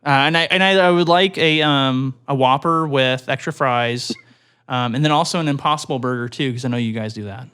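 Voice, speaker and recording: A man's voice: mid-range voice, fairly quick, sharp tone, clear, resonant tone, close to an everyday voice. A man playing a confused, pushy male customer calling to order food, stammering and insisting. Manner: hesitant, stammering, stubborn.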